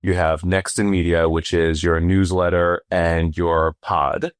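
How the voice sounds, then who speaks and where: Low-voiced male co-host, relaxed and friendly, dry mic. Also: unhurried, clear, resonant tone, no room sound. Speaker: podcast co-host. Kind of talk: casual podcast chat.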